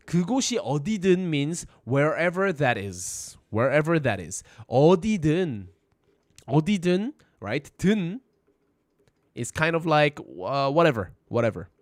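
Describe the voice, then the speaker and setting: Quick-talking language teacher. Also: male voice, medium pitch, no echo. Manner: frequent "right?" tag questions, repeats phrases for practice; switches between English and Korean, sings lyric lines. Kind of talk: live-streamed language lesson.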